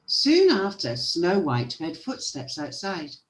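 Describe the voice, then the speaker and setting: Storyteller reading a kids book out loud, slow n expressive. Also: mid-range voice, rough recording.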